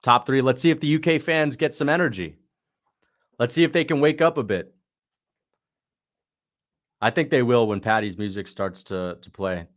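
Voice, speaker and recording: A man's voice: medium pitch, moderate pace, long pauses. A man hosting a casual watch-along livestream, chatting in a slangy way and answering viewers' questions. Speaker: livestream host.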